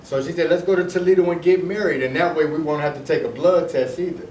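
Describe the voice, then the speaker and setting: A middle-aged man from Detroit talks through his own story in a loose, rambling way, going back over his words and starting sentences again. His voice sits a little higher than most men's. He sounds set back from the mic in an echoey room, with a faint hiss behind him. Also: fast, darkish tone, distant mic. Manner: rambling, repeats himself, restarts sentences. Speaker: storyteller recounting his past. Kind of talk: casual personal storytelling.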